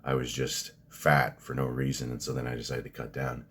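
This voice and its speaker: Very deep-voiced rambling man. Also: level tone, fairly quick, a bit bright, slight background noise. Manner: rambling, blunt, profane, frequent restarts. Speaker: fitness vlogger. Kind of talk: casual commentary vlog.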